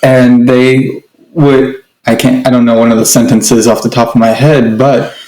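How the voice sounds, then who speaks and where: A man's voice: mid-range voice, flat delivery, measured pace, darkish tone. A man co-hosting a casual conversation, explaining at length with frequent restarts. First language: English. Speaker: co-host. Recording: echoey room.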